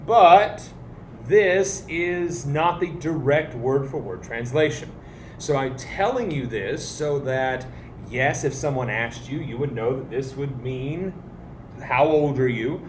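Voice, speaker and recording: Slow and medium-pitched with lively intonation, this man teaches Spanish in a video lesson, patient and explanatory, playfully stressing his points to students. The room echoes, with faint ambience and a bit of background noise.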